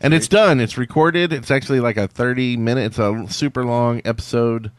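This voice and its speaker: Male podcast host, casual and relaxed, mid-pitched, dry sound. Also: a little fast, dry recording. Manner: relaxed, reads out sponsors.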